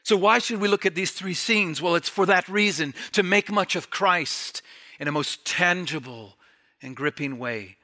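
A man's voice: high voice, a little slow, sharp tone. A male pastor delivering a zealous, emphatic sermon. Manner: zealous, emphatic preaching with varied pace.

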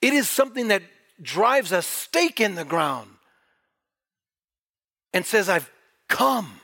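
A man's voice: sits high, big pitch swings, takes it slowly, pushed and bright. A man preaching a sermon, reading scripture aloud and pressing the congregation with emphatic rhetorical questions.

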